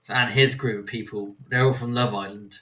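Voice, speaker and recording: Bright-voiced man with a West Country accent. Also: lowish voice, steady tone, fairly quick. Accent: West Country English. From Somerset, England. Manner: rambling anecdotes, acts out quoted voices. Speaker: podcast host. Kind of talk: casual chat, storytelling.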